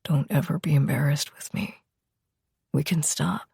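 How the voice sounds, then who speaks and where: A woman voicing a tender young man in a low, whispered murmur, a whispered role-play. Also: animated, a little slow, darkish tone, breathy edge, dry recording, studio quality, full character voice.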